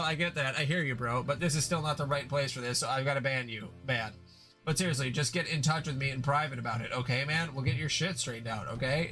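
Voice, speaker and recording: A man's voice: medium pitch, a bit bright, close to an everyday voice. A man playing an irritable young male troll leader, ranting and swearing in a fan audio reading of a chat log. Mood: bossy. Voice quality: profane, ranting.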